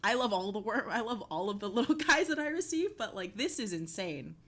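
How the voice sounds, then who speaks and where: Excitable young woman streamer, lively pitch. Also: brisk. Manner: excitable, swearing, breaks into shrieks and laughter. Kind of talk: casual live-stream chat.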